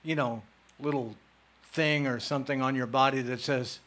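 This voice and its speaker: A man's voice: mid-range voice, moderate pace. A man giving a spiritual lecture and answering audience questions, playful and emphatic. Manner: animated, playful, teasing, emphatic.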